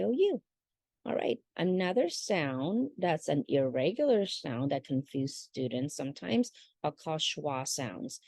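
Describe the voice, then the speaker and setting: A woman's voice: low-pitched, gravelly, dark tone, dry recording. A woman teacher giving a parent workshop in a chatty way, with fillers and check-ins. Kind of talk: casual instructional talk.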